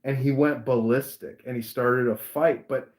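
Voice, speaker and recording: A man hosting a podcast, telling a story in a casual, animated way and acting out the voices. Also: mid-range voice, normal speed. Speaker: podcast host. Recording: roomy echo.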